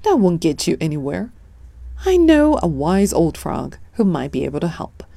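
A woman doing a no-nonsense croaking frog. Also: fairly low pitch, very animated, moderate pace, dark tone, dry recording, heavily acted. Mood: brisk. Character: calm helpful male frog by the reeds.

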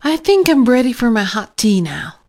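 A woman's voice: a little high, very animated, normal speed, darkish tone, voice pushed up. Demanding young boy, read by a woman, whiny and raised, storybook.

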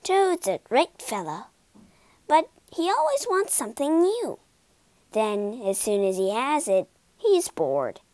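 A cheerful, self-assured water rat, read by a woman, breezy and knowing. His voice swings lively up and down at an unhurried pace, close and dry like a bedtime storybook. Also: sits high, no echo, full character voice.

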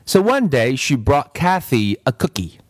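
A man's voice: mid-range voice, very animated, unhurried, no room sound, clean studio sound. A man reading a children's story aloud with playful asides to the listener. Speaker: reader.

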